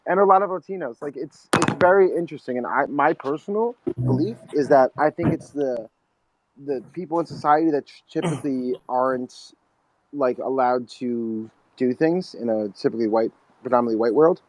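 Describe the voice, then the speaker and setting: A man's voice: medium pitch, moderate pace, no room sound, poor audio. A man hosting a casual podcast chat, rambling with lots of fillers. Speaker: podcast host.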